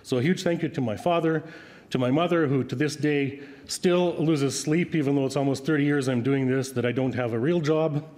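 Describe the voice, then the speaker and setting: A man's voice: medium pitch, fairly quick, a little mellow. Man, middle-aged, Ukrainian first language, earnest speech, some fillers, long hall reverb. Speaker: award recipient, radio broadcaster. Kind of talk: acceptance speech. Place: large banquet hall.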